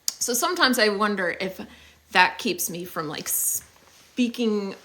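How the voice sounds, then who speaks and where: A young woman talks casually on a phone livestream, her tone bright and clear. Her pitch rises and falls a lot as she chats and thanks viewers. She fills the gaps with "um" and "like". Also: lively intonation, takes it slowly. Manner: chatty and upbeat, thanking viewers with many fillers. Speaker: livestream host.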